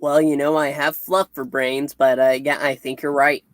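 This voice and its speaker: A woman's voice: low-pitched, flat delivery, normal speed, no room sound. A woman co-hosting a comic review, chatting casually and hesitantly as she retells scenes. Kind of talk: casual chat.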